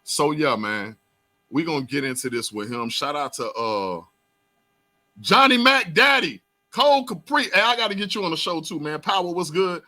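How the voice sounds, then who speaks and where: A young man with a South Florida accent hosting a talk show, hyped and loud, jumping between shouting and mumbling. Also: fairly high pitch, animated, normal speed. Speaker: host.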